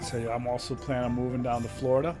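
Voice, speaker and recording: Middle-aged male streamer with a New Haven accent; easygoing rambling talk, loud game music underneath. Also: medium pitch, little pitch movement, very fast. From Connecticut. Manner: rambling, chatty storyteller. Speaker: gaming streamer. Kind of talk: casual chat while playing.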